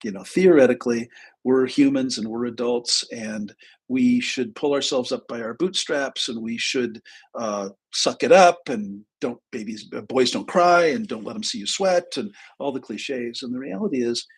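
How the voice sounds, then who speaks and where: A man's voice: mid-range voice, moderate pace, slightly rough, poor audio. A man in his sixties hosting a live stream, telling a personal story in a candid, rambling way with restarts and the odd swear word. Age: 60s. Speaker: host.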